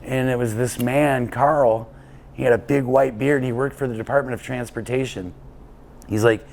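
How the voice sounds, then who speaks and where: This is a man in a casual interview, recounting a long ride in a loose, anecdotal way. He drifts through the story, stopping for fillers and restarting his sentences as he goes. His voice sits at an ordinary pitch for a man. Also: steady tone, normal speed, vocal fry. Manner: rambling anecdotal telling with many fillers and restarts. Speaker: guest, endurance cyclist.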